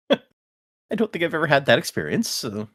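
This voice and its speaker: A man's voice: fairly high pitch, a little slow, slightly rough. A man co-hosting a podcast in a casual book chat, acting out the characters' lines. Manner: animated, acts out characters' lines. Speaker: podcast co-host.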